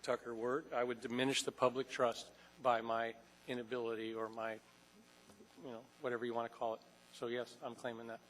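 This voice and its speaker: Guy on a city council going on and on making his case, mid pitch, big echoey chamber. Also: little pitch movement, fairly quick, fairly bright tone, a little hiss or hum. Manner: argumentative, long-winded. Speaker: assembly member. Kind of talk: public meeting debate.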